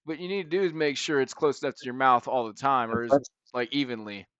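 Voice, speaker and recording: A young man co-hosting a podcast, telling stories in a loud, animated, profane way. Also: medium pitch, fast talker, clean tone, no echo, muffled recording. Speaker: podcast co-host. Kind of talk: casual chat. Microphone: podcast mic.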